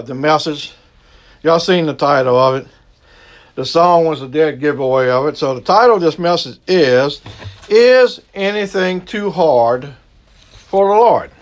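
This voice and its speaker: A man preaching a sermon as a pastor, in a folksy, conversational way. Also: fairly high pitch. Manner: folksy, conversational preaching with Southern turns of phrase.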